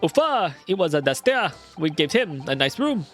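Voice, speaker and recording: A man's voice: fairly high pitch, very animated, moderate pace, fairly bright tone, soft background music. A man voicing a flamboyant, nervous Italian man with an exaggerated put-on Italian accent, reading game dialogue aloud. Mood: theatrical. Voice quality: exaggerated singsong delivery.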